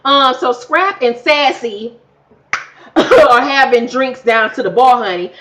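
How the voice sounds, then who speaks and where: A woman's voice: a little high, slow pace, slight background noise. Sassy, profane woman recapping reality TV. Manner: sassy, loud, mimics cast members in quoted asides. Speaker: TV recap vlogger.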